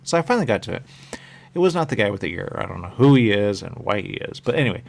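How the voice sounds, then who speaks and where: A man's voice: lowish voice, sing-song, fast talker, creaky. A man hosting a radio show, talking in a rambling, repetitive monologue that keeps circling back with small chuckles.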